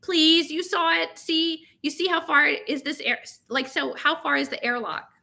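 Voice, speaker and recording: A woman's voice: sits high, steady tone, measured pace, creaky, pushed and bright, pitched above the performer's own voice, exaggerated voice. A woman reading aloud and voicing a frantic teenage girl who talks dramatically with valley-girl fillers. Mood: panicked. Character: frantic teenage girl fretting over a blemish.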